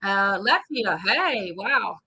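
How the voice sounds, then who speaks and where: Australian woman, chatty stream host, bright and unhurried, reads out viewer shout-outs. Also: mid-range voice, sing-song, breathy edge, poor audio. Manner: chatty, reads out viewer names and places, drawn-out fillers. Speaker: psychic reader hosting a live stream. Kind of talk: casual live-stream chat greeting viewers.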